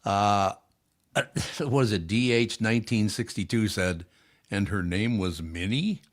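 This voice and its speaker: A man's voice: fairly low pitch, measured pace. An older man hosting a podcast, telling blunt, profane anecdotes in casual chat. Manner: blunt, swears freely, tells anecdotes. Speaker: podcast host.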